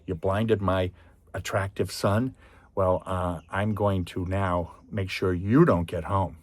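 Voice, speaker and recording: A vengeful sea god vows revenge in an offhand, sarcastic tone, as a man paraphrases him. The voice stays low and husky, near everyday speech. The delivery is mocking rather than grand. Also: fairly even intonation, takes it slowly, no echo.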